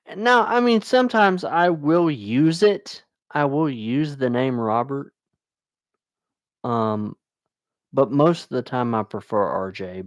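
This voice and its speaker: Slow, rambling man chatting on a livestream. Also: medium pitch, expressive, no room sound. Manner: rambling, laughs often, restarts sentences; mumbling. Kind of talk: casual livestream chat.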